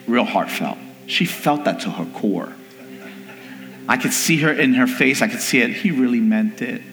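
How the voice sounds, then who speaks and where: A man preaching a sermon, telling a family story with lively delivery and acting out the people in it. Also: medium pitch, measured pace. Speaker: pastor. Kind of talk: sermon with personal stories. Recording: long hall reverb with faint music.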